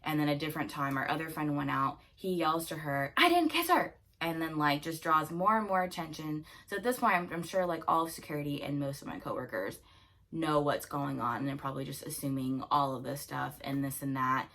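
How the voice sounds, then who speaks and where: A young woman in her twenties telling a story in a chatty, animated way, often laughing. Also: deep voice, a little fast. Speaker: vlogger. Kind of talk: casual storytime chat.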